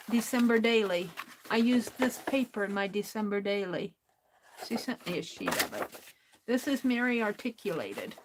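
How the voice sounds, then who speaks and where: A middle-aged woman talks slowly and easily while she unwraps craft mail, narrating each small step to herself. Her voice sits a little high, and she laughs often. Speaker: craft livestream host. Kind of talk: casual craft vlog, opening mail on camera.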